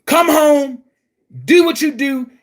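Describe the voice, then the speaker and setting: A man delivering a heated, profane vlog rant as an online commentary host, often shouting and repeating himself for emphasis. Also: very high-pitched, takes it slowly. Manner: blunt and emphatic, repeats phrases.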